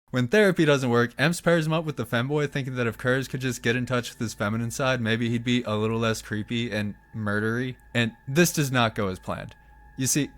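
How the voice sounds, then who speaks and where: A man narrating a comedic video recap in a sarcastic, profane style with quick asides. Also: medium pitch. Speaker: channel host.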